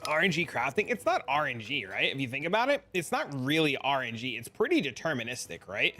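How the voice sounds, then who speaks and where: A man's voice: medium pitch, huge pitch swings, brisk, pushed and bright, soft background music. A young man streaming a game, chatting casually and swearing as he answers chat. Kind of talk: casual live-stream commentary.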